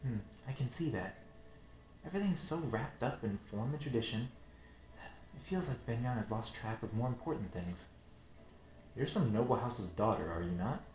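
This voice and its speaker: A man's voice: mid-range voice, lively intonation, normal speed, pauses often, a little mellow, close to an everyday voice. A man reading as an earnest young woman knight. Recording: roomy with game music.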